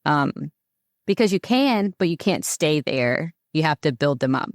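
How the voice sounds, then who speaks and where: Low gravelly woman guest, slow rambly chat, dry close sound. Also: lively intonation, no echo. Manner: rambling, filler-heavy talk. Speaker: podcast guest, mother and herbal maker. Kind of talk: casual advice chat.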